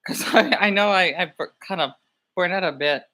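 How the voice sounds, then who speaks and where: A man's voice: sits high, moderate pace, sharp tone. A young man streaming from bed late at night, chatting casually and rambling as he checks his videos, often cutting himself off mid-thought. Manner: rambling, self-interrupting, talks to himself. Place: in bed at home.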